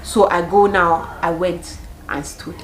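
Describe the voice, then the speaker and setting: A young woman from Cameroon in her twenties, telling a storytime vlog with animated storytelling and bursts of laughter. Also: on the low side, takes it slowly, a little hiss or hum, low-quality recording. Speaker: vlogger.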